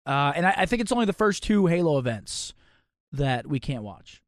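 A man with a somewhat high voice in casual chat, teasing his friends in an easygoing way. The sound is dry and close. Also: very animated, moderate pace, dry recording. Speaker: podcast co-host.

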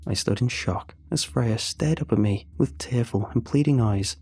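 A man narrating a first-person horror story in a measured, scripted way. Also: mid-range voice, warm tone, husky.

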